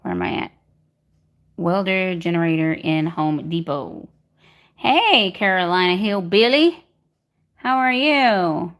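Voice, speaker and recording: Brief: woman, livestream host, friendly chat-reader, slightly low voice. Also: lively intonation, a little slow. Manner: chatty, greets viewers by name, reads comments aloud. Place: home in Texas during a power outage.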